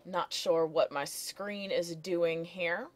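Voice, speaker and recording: A woman's voice: fairly low pitch, steady tone, slow. A woman teacher narrating lecture slides, explaining steadily and reading poem lines aloud.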